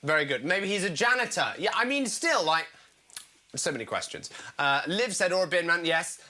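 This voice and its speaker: A British man hosts a live comedy show, reading out viewer comments and chatting with them. His bright, ringing voice swings widely up and down, and he keeps teasing himself. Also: high-pitched, normal speed. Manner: chatty, animated, self-mocking.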